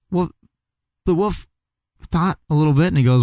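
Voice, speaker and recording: A man's voice: fairly high pitch, normal speed, long pauses, warm tone, dry recording. A man telling a fairy tale casually, with chatty, joking asides to the listener. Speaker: storyteller. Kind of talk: casual comic storytelling.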